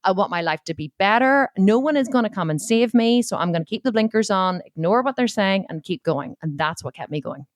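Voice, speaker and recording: A woman, a podcast guest telling her story in a blunt, swearing, animated way. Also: medium pitch, fairly quick, hardly any pauses, no echo, studio quality. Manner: blunt, expletive-heavy, animated retelling. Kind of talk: candid storytelling interview.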